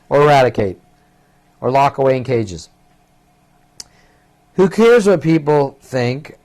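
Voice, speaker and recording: A man's voice: medium pitch, darkish tone, clean tone. Agitated, profane man in his fifties. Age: 50s. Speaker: vlogger. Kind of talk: rambling monologue.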